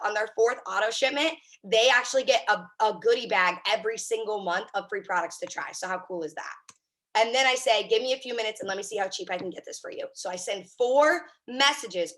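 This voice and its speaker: A woman's voice: mid-range voice, a little fast, fairly bright tone. A woman coaching her sales team on a video call, upbeat and chatty, with lots of "like" and "right?".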